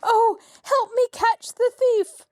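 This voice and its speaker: Frantic old lady in hysterics, high shrill wail as a woman reads her, storybook figure. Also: steady tone, darkish tone. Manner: shrill, wailing, drawn-out pleading. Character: frantic elderly wealthy woman, hysterical and tearful.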